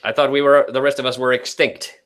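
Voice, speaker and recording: Dude doing a proud loner echidna guy, deadpan, pretty normal voice. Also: mid-range voice, a little fast, smooth, natural voice. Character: young male echidna loner, proud guardian.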